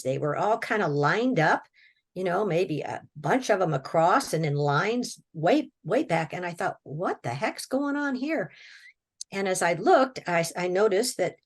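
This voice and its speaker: A woman from Washington state with a slightly low voice tells a long personal story as an interview guest. Her talk is folksy and plainspoken, with repeated words and quick little laughs. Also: breathy edge. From Washington state, USA. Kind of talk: personal storytelling, recounting a near-death experience.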